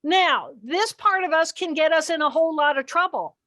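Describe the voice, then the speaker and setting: An older woman giving an animated, expressive teaching talk outdoors by the water, acting out inner voices as she explains. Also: high voice, moderate pace. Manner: expressive, acts out inner voices with dramatic shifts. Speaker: guest speaker, neuroanatomist.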